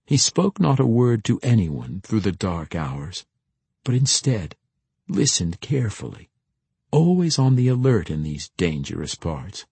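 A man narrating a fantasy novel as an audiobook, in measured storytelling, lightly voicing the characters. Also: fairly low pitch, big pitch swings, gravelly, darkish tone, husky, no room sound.

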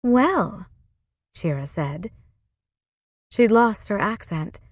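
A woman narrating a first-person novel in a measured, wry way. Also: lowish voice, dry recording. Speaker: audiobook narrator.

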